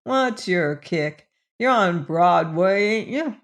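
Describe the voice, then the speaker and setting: A woman's voice: fairly low pitch, animated, takes it slowly. A woman voicing a brash, slangy young man on the make in an audiobook, with a cocky street manner. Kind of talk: audiobook character voice.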